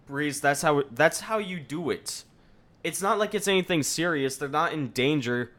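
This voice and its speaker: A male streamer chats his way through a game, reading its text aloud and joking about what happens. His pitch swings widely and freely. The tone is bright and forward. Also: moderate pace. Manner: animated, reads game text aloud and jokes. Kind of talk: casual gameplay commentary.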